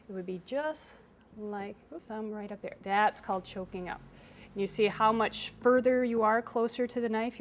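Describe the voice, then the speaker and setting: A woman's voice: a little high, slight background noise. A woman chef giving a hands-on cooking lesson to children, explaining each step patiently. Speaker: chef teaching kids.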